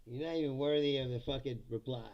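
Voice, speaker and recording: A man's voice: mid-range voice, muffled recording. A man hosting a live-stream, talking in a blunt, profane, ranting way and often laughing between remarks. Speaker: live-stream commentary host.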